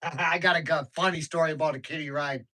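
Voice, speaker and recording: Guy on a livestream, kinda high bright voice, just rambling and laughing, slangy. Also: steady tone, quick pace, rough recording. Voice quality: informal slangy speech. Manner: rambling, storytelling, laughs often. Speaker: livestream host. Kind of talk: casual chat with viewers.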